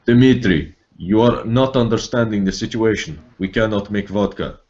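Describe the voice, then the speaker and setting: A man's voice: fairly low pitch, moderate pace, darkish tone, lo-fi sound, natural voice. A man putting on a mock Russian accent as an exasperated male schemer.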